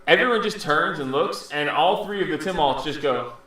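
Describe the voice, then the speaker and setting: A man narrating as dungeon master at a home game, halting with fillers and often laughing. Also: on the high side, expressive, sharp tone. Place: home room. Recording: echoey room, mic far off, faint background hum.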